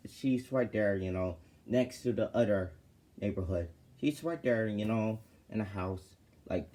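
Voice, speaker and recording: A man's voice: low voice, a little mellow. A man casually telling a personal story to his viewers, rambling and full of fillers and restarts. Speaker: vlogger.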